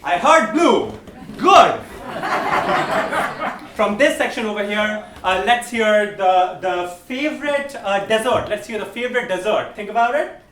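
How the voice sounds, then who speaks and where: A man's voice: sits high, lively intonation, unhurried, a bit bright. A man hosting a live comedy game show on stage, with playful, teasing crowd work. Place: stage in front of a live audience. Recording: roomy echo, far from the mic, audience noise.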